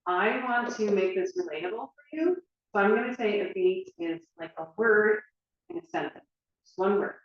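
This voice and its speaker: The audio is dull and lo-fi, recorded in an echoey room with the speaker far from the mic. A woman with a lowish voice gives a casual dance lesson, leaning heavily on fillers and illustrating her points with everyday examples.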